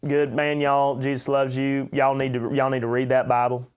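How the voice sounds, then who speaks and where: A man imitating a loud, jolly country preacher with an Oklahoma accent and a folksy, booming preaching manner. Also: monotone, normal speed, clean tone, lightly acted.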